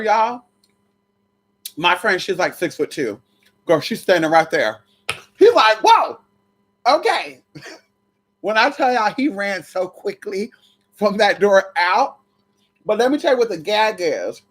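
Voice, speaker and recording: A woman vlogger telling a brash, profane story straight to her viewers in a chatty way. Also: mid-range voice. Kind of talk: storytime chat to camera.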